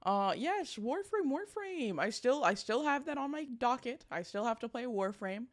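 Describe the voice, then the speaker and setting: A woman's voice: fairly high pitch, sing-song, moderate pace. A young woman streaming, chatting casually with a sleepy morning voice, laughing often and greeting chat.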